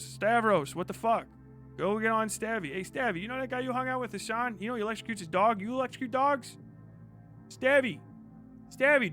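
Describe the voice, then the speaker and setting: A man's voice: high voice, a bit bright. A man streaming live, ranting angrily and swearing heavily. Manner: angry, profane, heated. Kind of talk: livestream rant.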